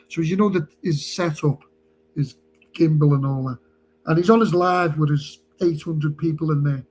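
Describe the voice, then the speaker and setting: A man's voice: fairly high pitch, steady tone, normal speed, slightly rough, poor audio. A man telling a rambling story on a live stream, chatty and laughing as he goes.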